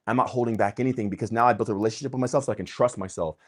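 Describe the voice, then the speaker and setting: A man's voice: fairly low pitch, racing. Guy, super hyped, says dude and bro a lot, casual chat. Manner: excitable, slangy, uses "dude" and "bro". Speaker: host. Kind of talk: casual conversation.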